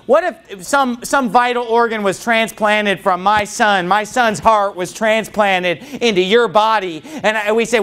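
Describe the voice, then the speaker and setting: A preacher in full flight, a man with a high, ringing voice. He builds from plain talk into loud, strained shouting, then drops back down to talk through the verses. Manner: rising to shouts when worked up. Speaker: pastor. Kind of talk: fiery sermon.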